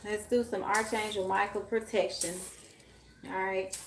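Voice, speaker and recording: Slow-talking chatty woman on a live stream. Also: mid-range voice, steady tone, a little hiss or hum. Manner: chatty, addresses viewers as y'all, laughs often; moving around while talking, fetching things. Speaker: tarot reader. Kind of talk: casual live-stream chat.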